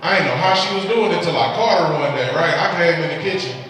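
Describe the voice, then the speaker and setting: On a comedy club stage, a young comic from Detroit, accent and all, spins loose stories full of exasperated quoted voices, speaking quickly and animatedly in a slightly high, fairly bright voice. The distant mic picks up echo from the hall, a little hiss or hum, and the crowd laughing.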